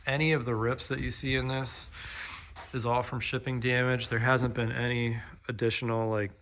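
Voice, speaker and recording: A man casually walking through his own barn insulation project, talking in a relaxed, rambling way with frequent ums and restarts. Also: mid-range voice, moderate pace, a little hiss or hum. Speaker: DIY vlogger. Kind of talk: casual walkthrough narration. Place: pole barn workshop.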